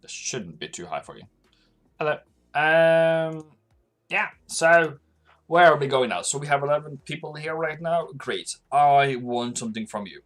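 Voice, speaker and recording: A man's voice: on the high side, animated, measured pace, a bit bright. A man hosting a live trading stream, loosely rambling to his chat while working through charts. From Norway. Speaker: forex trading livestream host. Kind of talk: live-stream market commentary.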